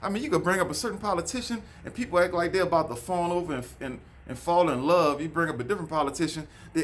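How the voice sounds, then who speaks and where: A man's voice: a little high, fast, hardly any pauses, slight background noise. Preachy man ranting to his viewers. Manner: preachy, repetitive, addresses viewers as folks. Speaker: vlogger. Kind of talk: casual monologue to camera. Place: outdoors near a road.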